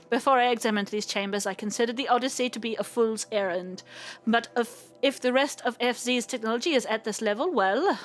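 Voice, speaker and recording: A woman's voice: fairly high pitch, close to an everyday voice. A woman putting on a mock villain-like foreign accent to read out a male scientist's formal report during a game playthrough. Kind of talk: reading a game log aloud in a put-on accent.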